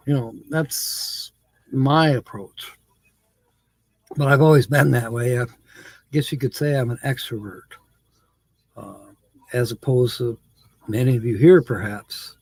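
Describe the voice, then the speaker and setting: A man's voice: medium pitch, measured pace, long pauses, a little mellow, breathy edge, no room sound. A man hosting a live stream, chatting casually with viewers, laughing often and reading comments aloud.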